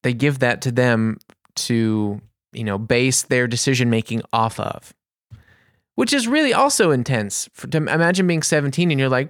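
A man's voice: mid-range voice, moderate pace, no echo, clean studio sound. Rambling man with lots of fillers. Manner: rambling, animated, frequent fillers. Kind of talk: casual monologue.

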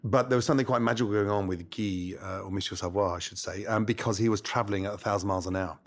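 A middle-aged Scottish man, a chef and guest, telling stories in a brash, swearing, animated way. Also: on the low side, quick pace. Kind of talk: casual interview.

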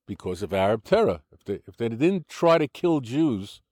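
An older American man talks through his views in an interview, firm and insistent, often breaking off and restarting his sentences. His voice is mid-pitched, and the sound is close and dry with no room in it. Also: sing-song, normal speed, a little mellow, no echo. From United States. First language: English. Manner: argumentative, explanatory, frequent restarts. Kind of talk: conversational interview.

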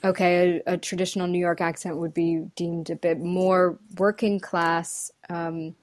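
A woman's voice: fairly low pitch, level tone, a little slow, no echo. A woman working as an accent and dialect coach, talking thoughtfully in a casual interview, with many ums and restarts. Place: lives in the UK.

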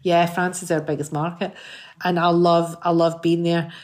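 A woman's voice: fairly low pitch, moderate pace. Chatty Glaswegian woman in her fifties. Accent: Glaswegian Scottish. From Scotland. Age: 50s. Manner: chatty, animated storyteller with many restarts. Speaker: guest singer. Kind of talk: casual interview chat.

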